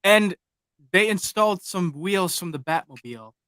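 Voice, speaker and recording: A man's voice: sits high, animated, moderate pace, bright, forceful tone, clear, resonant tone, dry recording. A man co-hosting a livestream, reacting with enthusiastic exclamations. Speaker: livestream co-host. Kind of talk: casual reaction chat.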